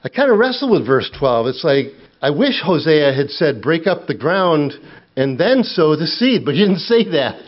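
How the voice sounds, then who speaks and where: A middle-aged man preaching a sermon, slow and earnest, dropping low and quiet when he tells his own story. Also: big pitch swings. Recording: dull lo-fi sound.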